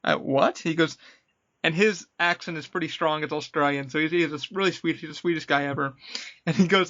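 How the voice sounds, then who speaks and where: A man's voice: on the high side, brisk, highs cut off. A man hosting a podcast, chatting casually and telling stories with acted-out quotes. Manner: animated storyteller acting out quotes. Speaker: podcast host, former attraction worker. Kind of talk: casual chat, storytelling.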